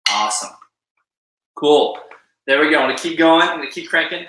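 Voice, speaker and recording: A man's voice: a little high, lively intonation, brisk, background noise. A man teaching a live online drum lesson, counting beats aloud and encouraging his students. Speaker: percussion instructor. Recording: echoey room with drumming behind.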